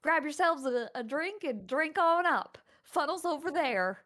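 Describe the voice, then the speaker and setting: A woman's voice: high-pitched, expressive, measured pace, fairly bright tone, pitched above the performer's own voice. A woman doing a hearty rustic farmhand giant. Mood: hearty welcome. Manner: hearty, welcoming, rustic drawl. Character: huge friendly young farmhand man. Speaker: non-player character.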